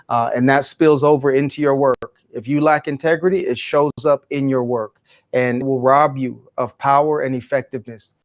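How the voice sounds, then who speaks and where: A man who is a guest in an interview, an education speaker answering in a passionate, emphatic, preacherly way. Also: medium pitch.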